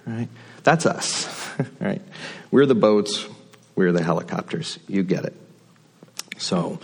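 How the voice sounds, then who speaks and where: A man's voice: low-pitched, moderate pace. A man giving a sermon from a church pulpit, conversational and reflective, with folksy asides. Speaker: guest speaker at the pulpit. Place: church sanctuary.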